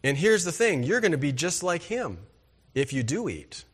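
A man's voice: on the high side, sing-song, moderate pace, breathy edge. A man preaching a sermon as pastor, emphatic and asking the congregation rhetorical questions.

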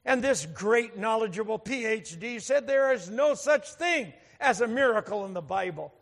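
A man's voice: high-pitched, animated, normal speed, gravelly, hardly any pauses, fairly bright tone. A man preaching a sermon to a church congregation in a folksy, humorous storytelling way. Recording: echoey hall reverb.

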